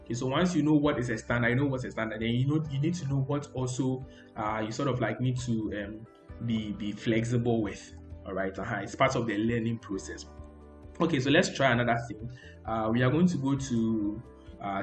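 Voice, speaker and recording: A man teaching a coding tutorial over a screen recording, talking loosely and repeating "okay, so" between steps. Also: medium pitch. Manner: loose, repetitive, frequent "okay, so". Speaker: coding instructor. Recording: roomy echo.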